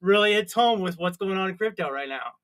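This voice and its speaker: A man's voice: sits high, expressive, fast, a bit bright. A man co-hosting a casual crypto chat show, teasing his partner and laughing often. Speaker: podcast co-host.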